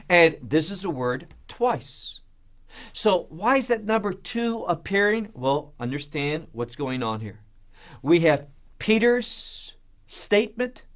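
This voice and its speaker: A man teaching a verse-by-verse Bible study, asking rhetorical questions and answering them himself, with an emphatic delivery. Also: on the high side.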